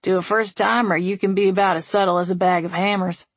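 A woman voicing a wry, patient man with a dry, steady, gently teasing manner. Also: mid-range voice, fast talker, no room sound, natural voice.

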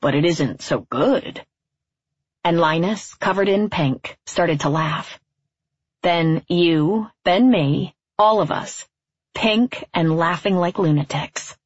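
A woman reading a literary story aloud as narrator, in a quiet, measured, wistful way, on a dull, dry recording. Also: fairly low pitch, no echo.

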